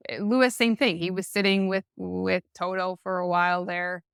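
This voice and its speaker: A woman's voice: lowish voice, steady tone, normal speed, creaky, clear, resonant tone, no room sound, clean studio sound. A woman co-hosting a sports podcast, chatting casually and drawing out her points with many fillers. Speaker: podcast co-host.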